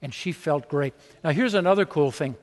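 A man preaches to his congregation in a loose, animated way, slipping into little acted-out scenes. His voice sits a little high. The sound carries the long reverb of a church hall. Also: normal speed. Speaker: pastor. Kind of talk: sermon.

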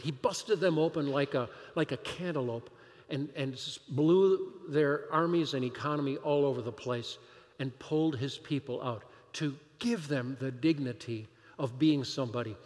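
Animated man preaching in a reverberant hall. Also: mid-range voice. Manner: animated, rhetorical questions, emphatic. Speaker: pastor. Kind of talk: sermon.

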